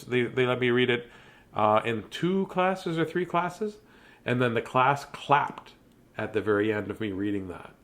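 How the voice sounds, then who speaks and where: A man's voice: mid-range voice, a bit bright. A man hosting a bedtime story reading, chatty and playful, laughing and riffing between pages. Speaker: host reading children's books aloud. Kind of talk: casual read-aloud storytelling.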